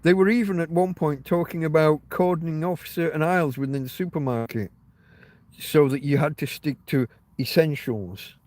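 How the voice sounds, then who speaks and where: A man's voice: fairly high pitch, normal speed, a little mellow, no room sound. A man hosting a casual livestream chat, telling rambling, wry stories with plenty of swearing, recorded outdoors. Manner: rambling, profane, wry storytelling. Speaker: livestream host. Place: outdoors on private land.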